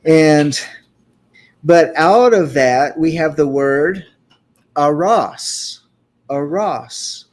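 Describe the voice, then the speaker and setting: A man leading a group Torah study discussion, explaining scripture and sounding out Hebrew words in a measured, teaching manner. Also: fairly high pitch, a little mellow.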